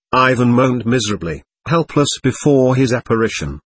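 A man narrating a novel as an audiobook reader, with a measured manner. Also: medium pitch, expressive, a bit bright, breathy edge, no echo. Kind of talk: scripted narration.

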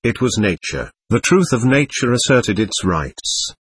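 Suave devil gentleman, ironic, worldly, husky tone, lively pitch, read by a man. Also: a little slow, no echo, full character voice. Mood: mocking. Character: suave, mocking male devil, a gentleman visitor. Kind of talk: audiobook character reading.

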